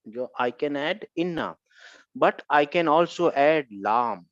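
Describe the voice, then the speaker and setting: A fairly high-pitched man teaching a grammar class, going back over each point and pausing to ask whether everyone follows. The recording is dry and dull, with a lo-fi sound. His tone stays patient and steady. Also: gravelly, no echo. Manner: repetitive, keeps checking with "Huh?". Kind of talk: online grammar lesson.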